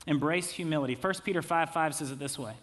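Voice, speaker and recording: Conversational male pastor, slightly high voice. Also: fast, fairly bright tone. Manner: conversational, jokey asides, acts out quotes. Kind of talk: sermon.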